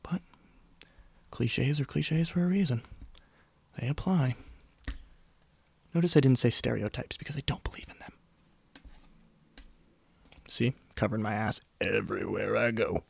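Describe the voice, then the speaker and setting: Gravelly young man rambling on a podcast. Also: medium pitch, a little slow, pauses often. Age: young adult. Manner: rambling, self-mocking, jokey, with sudden whispers and put-on voices. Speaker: podcast host. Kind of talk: casual solo podcast monologue. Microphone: studio mic close up.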